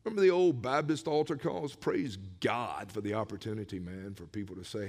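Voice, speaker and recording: A middle-aged male pastor preaching his personal testimony, telling it with animated swings from hushed asides to shouts. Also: mid-range voice, fast talker, few pauses. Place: church sanctuary. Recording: long reverb of a large church hall.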